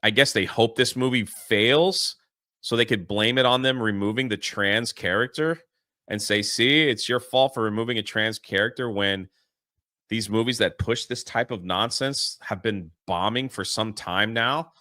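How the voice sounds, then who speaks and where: A man's voice: fairly low pitch, a little slow, sharp tone, no room sound, clean studio sound. An American man co-hosting a casual commentary chat, sarcastic and indignant, often laughing. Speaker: co-host.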